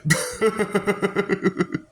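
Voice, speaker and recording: A man doing a rambling comedic monologue, laughing often, swearing and taunting, dropping to low mutters and jumping to high excited bursts. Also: very slow. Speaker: vlogger.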